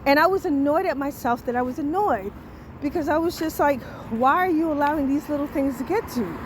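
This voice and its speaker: A woman with a high, bright voice talks candidly in a casual solo monologue, often checking in with her listener. She is recorded outdoors near a street, with steady traffic noise behind her. The talk is loose and personal. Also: a little fast. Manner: candid, repeats "you understand?" often. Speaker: podcast host.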